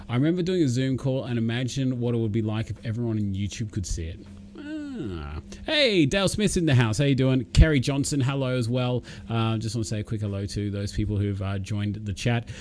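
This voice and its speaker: A man's voice: on the low side, a little mellow. An Australian man hosting a casual live stream. He chats in a rambling, easygoing way and greets his viewers. A faint hum sits under his voice. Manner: rambling, chatty, reads out viewer names.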